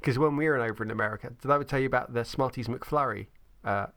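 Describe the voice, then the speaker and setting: Co-host, mid-pitched, easygoing and chatty. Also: male voice, fast talker, a bit bright. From Britain. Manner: chatty, laughing, slips into joke accents. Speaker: podcast co-host. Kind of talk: casual chat.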